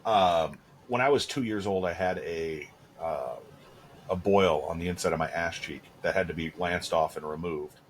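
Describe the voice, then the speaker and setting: A man's voice: low voice, moderate pace, a little hiss or hum. A man in his thirties, co-hosting a podcast, telling crude, candid stories in casual chat with lots of fillers. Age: 30s. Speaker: podcast co-host.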